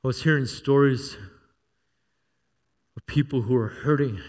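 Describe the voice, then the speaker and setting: A man's voice: medium pitch, measured pace, a little mellow, big-room sound. A middle-aged male pastor preaching a sermon, telling stories with humor and asking the church for amens. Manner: storytelling with humor, calls for amen.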